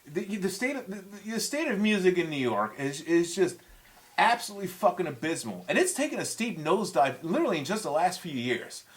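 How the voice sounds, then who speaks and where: A man's voice: high-pitched, big pitch swings, a little fast. A man in his forties, a guest musician in a casual chat, telling stories with heated, profane language. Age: 40s.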